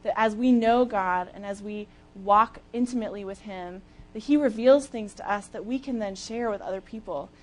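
A young woman giving a sermon as a lively, chatty personal story, with casual fillers and easy laughs. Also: mid-range voice, normal speed. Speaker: speaker at a church talk.

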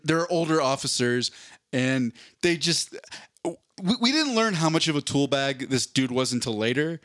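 A man's voice: medium pitch, normal speed, dry recording, studio quality. A man, co-hosting a casual podcast and telling a story, laughing often and acting out what others said. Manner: animated storyteller, laughs often, acts out quotes. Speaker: podcast co-host.

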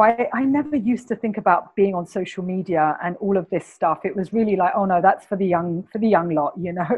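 A woman with a Cockney English accent, speaking as a guest healer in an enthusiastic, animated spiritual conversation. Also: medium pitch, highs cut off. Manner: animated, enthusiastic storyteller, repeats words.

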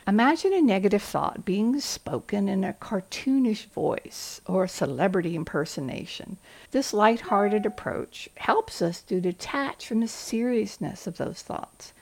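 A woman's voice: mid-range voice, gravelly. A woman from the American South, hosting a motivational podcast for school leaders in an earnest, coaching manner.

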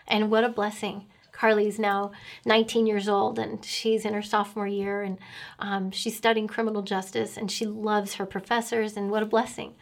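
A middle-aged woman speaks with an earnest, emotional tone. Her pitch stays fairly level and flat, and she hesitates often with fillers as she tells her testimony. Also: normal speed. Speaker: guest sharing testimony. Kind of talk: personal faith testimony.

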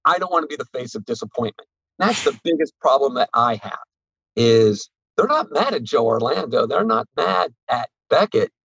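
A man's voice: medium pitch, sing-song, moderate pace, creaky, fairly bright tone, lo-fi sound, slight background noise. A man who runs a sports card shop, talking bluntly and animatedly in a casual podcast interview, swearing freely.

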